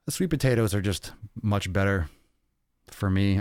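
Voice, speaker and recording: A man's voice: deep voice, a little fast, a little mellow, no room sound, clean studio sound. A man hosting a fitness podcast livestream, chatting casually, answering comments and cracking crude jokes. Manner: loose and profane, jokey, reads comments aloud. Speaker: podcast host.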